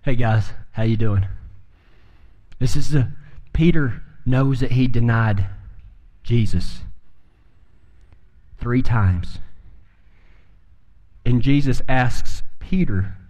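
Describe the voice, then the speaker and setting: A man's voice: mid-range voice, takes it slowly, long pauses, mellow. A man preaching a sermon, telling stories in a folksy way and building to emphatic peaks. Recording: long reverb of a hall.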